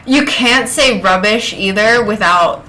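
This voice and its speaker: A woman's voice: medium pitch, measured pace, bright, forceful tone, slight background noise. A woman hosting a casual craft livestream, chatting with viewers and laughing often as she works. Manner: chatty, reads chat aloud, laughs often. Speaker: livestream host. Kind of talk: casual chat while crafting.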